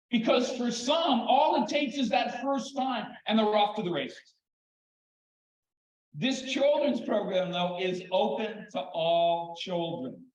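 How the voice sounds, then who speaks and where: An older man and children's therapist giving a conference talk, telling stories in an animated way with dramatic pauses. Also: sits high. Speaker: keynote speaker, children's therapist. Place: large conference hall. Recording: echoey hall, slightly dull sound.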